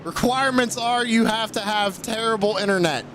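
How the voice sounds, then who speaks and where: A man calling a live sim race as play-by-play commentator, excitable and quick to laugh and joke with viewers. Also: high voice, noisy background. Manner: excitable, laughs easily, jokes with chat. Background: race car engine sounds from the sim.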